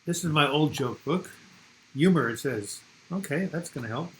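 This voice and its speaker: A man's voice: a little high, animated, moderate pace, slight background noise, low-quality recording. An older man from the United States hosting a casual live chat, rambling and reading viewer comments aloud.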